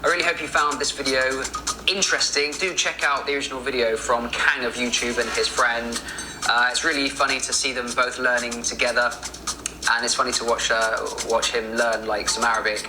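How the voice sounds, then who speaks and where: A man's voice: medium pitch, steady tone, fairly quick, background noise. A man from the United Kingdom in a casual explainer video, friendly and spelling words out as he teaches. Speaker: YouTuber teaching Arabic words.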